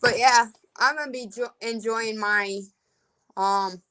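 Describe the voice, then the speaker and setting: A woman's voice: fairly high pitch, steady tone, takes it slowly, background noise. A woman in her twenties venting bluntly in a casual open-mic rant. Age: 20s. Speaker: live-stream host.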